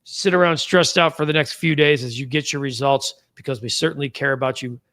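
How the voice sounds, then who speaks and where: A man hosting a sports talk show, chatting casually and giving upbeat shout-outs to viewers by name. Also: mid-range voice, fairly even intonation, a little fast. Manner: folksy betting talk. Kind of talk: casual live-show sign-off, reading out viewer comments.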